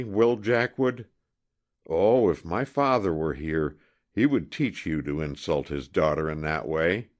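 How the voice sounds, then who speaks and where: A proud young woman in a storybook, cold and defiant when she refuses a man, as a low-voiced male narrator puts her on. Her lines rise above the reader's usual register but still carry a deep, lively tone. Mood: outraged. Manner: cold, firm and indignant. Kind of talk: audiobook character reading.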